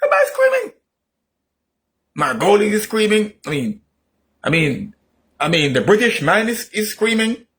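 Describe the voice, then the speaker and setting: A man delivering an opinionated political monologue, repeating himself emphatically and rising into shouts. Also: high-pitched, big pitch swings, normal speed. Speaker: political commentator.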